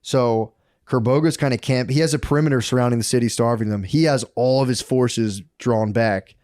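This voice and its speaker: A man's voice: medium pitch, fairly quick, a little mellow, no room sound. Man, podcast co-host, casual storytelling, swears a lot, bro slang, dry close sound. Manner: rambling, profane, bro slang.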